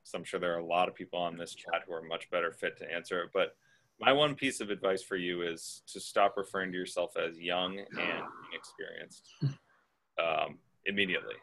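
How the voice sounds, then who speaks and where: Deep male host, direct and frank, casual call delivery. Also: fairly even intonation, fairly quick, pushed and bright, rough recording. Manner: direct, blunt advice-giving. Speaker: host answering questions. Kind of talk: casual advice on a group call.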